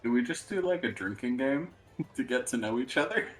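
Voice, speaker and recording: Joking guy at a d&d table, lively voice, soft music in back. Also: medium pitch, a little fast. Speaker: player. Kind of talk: casual chat.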